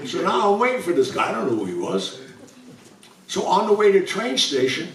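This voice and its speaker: Older new man telling stories in a roomy hall. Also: fairly high pitch. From New York. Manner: chatty anecdotal storyteller acting out dialogue. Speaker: author guest speaker. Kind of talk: storytelling to a live audience. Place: bookstore event room. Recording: roomy sound from a distant mic.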